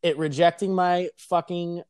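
A young man telling a casual, profane story on a podcast, animated and laughing as he talks. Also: high-pitched, measured pace, clear, resonant tone, dry recording, clean studio sound. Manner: animated, swears constantly, laughs mid-sentence.

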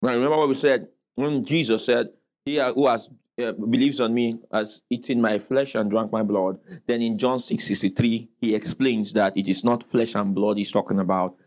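A man's voice: medium pitch, fairly even intonation, normal speed, a little mellow, rough recording. A man preaching a sermon as pastor, calling out questions for the congregation to answer and exclaiming praise.

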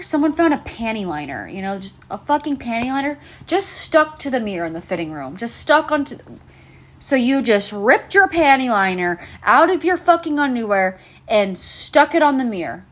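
A woman's voice: a little high, big pitch swings, moderate pace. Sarcastic, swearing young woman ranting. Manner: exasperated, profane, sarcastic ranting. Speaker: podcast host. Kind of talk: solo ranting podcast.

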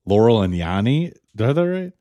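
A man's voice: fairly low pitch, big pitch swings, brisk, warm tone, no room sound. A man co-hosting a radio show in casual chat, laid-back and rambling, swearing now and then.

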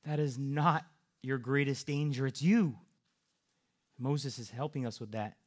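A man's voice: medium pitch, a little slow, a little mellow. Male preacher, earnest sermon delivery, frequent restarts. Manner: earnest, repeats words and restarts often.

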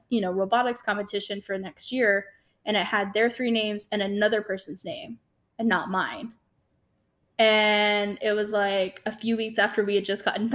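A young woman co-hosting a podcast, telling a personal story in a casual, animated way. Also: medium pitch. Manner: animated, lively retelling with acted-out quotes. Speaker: podcast co-host.

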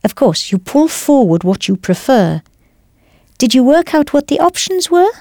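A woman's voice: high voice, big pitch swings, normal speed, darkish tone, dry recording. Woman teacher, patient step-by-step explaining, dry close sound. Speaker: language teacher. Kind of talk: scripted instructional narration.

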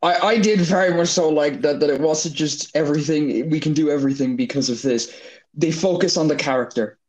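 A man co-hosting a casual podcast chat, talking in a drawn-out, exasperated way. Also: fairly high pitch, a little mellow, rough recording. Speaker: podcast co-host.

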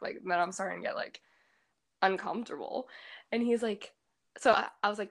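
A woman's voice: medium pitch, fast. A young woman in her twenties with a Pittsburgh accent, chatting casually as a podcast co-host and telling stories with lots of fillers. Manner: chatty storyteller, many fillers, frequent laughs. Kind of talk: casual chat.

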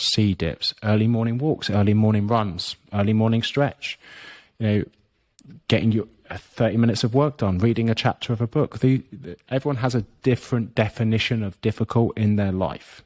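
A man's voice: fairly low pitch, a little mellow. A man with a blunt, profane way of talking, a fitness business coach speaking as a podcast guest. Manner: blunt and profane, frequent you-knows. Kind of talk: podcast interview, motivational talk.

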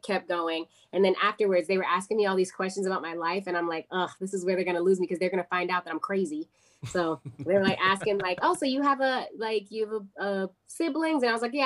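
An American actress talks through her career as a guest in a relaxed interview. Her voice sits at a middle pitch for a woman. She keeps slipping into the voices of the people she quotes. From United States. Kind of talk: casual interview storytelling.

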